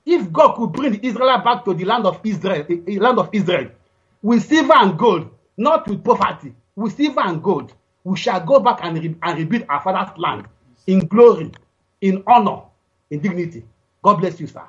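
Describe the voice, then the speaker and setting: A man's voice: sits high, animated, moderate pace. Fervent man praying over a muffled line. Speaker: caller. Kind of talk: fervent prayerful speech.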